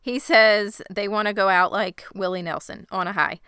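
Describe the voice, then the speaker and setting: Bright crisp woman summarizing a plot. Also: medium pitch, fairly even intonation, dry recording, studio quality. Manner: brisk plot summary with side jokes. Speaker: podcast co-host recapping a TV episode. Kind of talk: casual chat.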